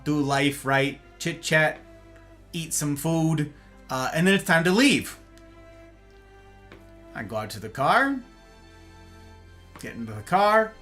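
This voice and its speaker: A man hosting a livestream, telling a rambling, self-mocking story in a casual, animated way. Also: a little high, measured pace, pauses often, faint music behind. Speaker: livestream host.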